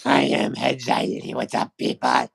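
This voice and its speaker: A man putting on a theatrical, teasing impersonation of a menacing character, with a gravelly, creaky voice. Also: medium pitch, steady tone, unhurried, voice pushed down. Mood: mock-menacing.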